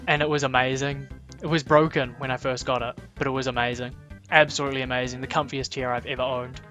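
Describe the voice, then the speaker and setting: A man's voice: medium pitch, little pitch movement, quick pace, fairly bright tone, soft background music. A man with a New Zealand accent co-hosting a casual livestream, teasing and laughing often, with plenty of ums. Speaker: livestream co-host.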